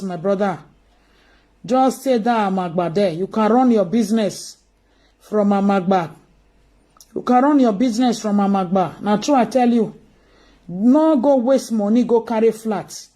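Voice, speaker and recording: Livestreaming her political commentary, this Nigerian woman speaks emphatically in an Edo-accented Nigerian Pidgin English, driving home key phrases by repeating them. Her voice sits on the high side and sounds mellow.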